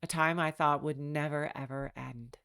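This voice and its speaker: A woman's voice: deep voice, fairly even intonation, moderate pace, vocal fry, a bit bright, clean tone. A middle-aged woman hosting a podcast, telling a personal story in a reflective, wry way and acting out the people she quotes. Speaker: podcast host.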